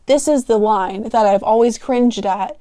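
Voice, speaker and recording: A woman's voice: on the high side, measured pace, warm tone, no echo. A young woman reading her old story aloud with giggly, self-mocking commentary, close to the mic. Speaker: youtuber.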